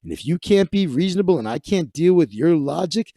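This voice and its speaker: A man voicing a furious male movie star in a British accent, yelling profane threats at a film crew. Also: a little high, expressive, brisk, dry recording. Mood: furious rant.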